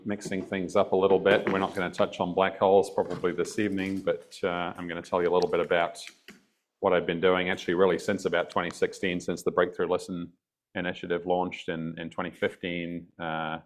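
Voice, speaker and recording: A man's voice: deep voice, a little hiss or hum. A man from the UK giving a public science lecture over a video call, dry and wry with many ums and uhs. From UK, near Liverpool. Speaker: guest speaker.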